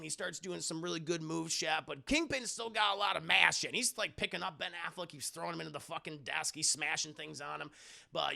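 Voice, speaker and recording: Male streamer, slightly high and gravelly; crude, animated plot recap aimed at his chat. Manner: profane, animated, addresses chat. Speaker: streamer and film reviewer. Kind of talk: casual livestream movie recap.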